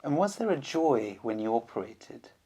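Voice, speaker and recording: A man's voice: medium pitch, sing-song, mellow, husky. Polite male doctor asking questions. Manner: measured, polite, frequent brief affirmations. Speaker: doctor hosting a podcast. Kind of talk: interview questions.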